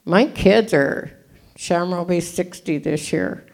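A woman in her seventies from California gives an animated, jokey, self-deprecating storytelling talk as a recovery meeting speaker. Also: fairly low pitch, takes it slowly. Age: 70s.

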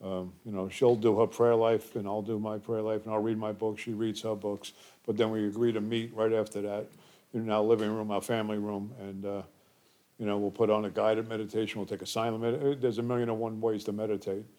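A man leading a group discussion, speaking in a relaxed, conversational way with frequent filler words. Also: lowish voice, brisk. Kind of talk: casual talk to a group.

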